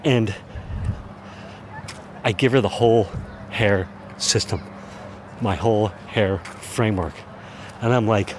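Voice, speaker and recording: A man hosting a podcast, telling a personal anecdote in a casual, animated way with occasional chuckles. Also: on the low side, slow pace, pauses often, a little hiss or hum. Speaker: podcast host. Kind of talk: casual storytelling monologue.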